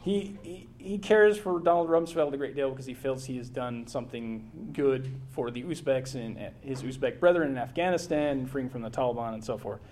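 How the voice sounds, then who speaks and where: A middle-aged American man narrates his travel slides in a relaxed, wandering way. He stumbles through restarts and fillers as he goes. His voice sits at an ordinary middle pitch. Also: moderate pace, hardly any pauses, slight background noise. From United States. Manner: rambling, with many fillers and restarts. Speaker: presenter giving a slide talk. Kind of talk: casual travel slideshow talk.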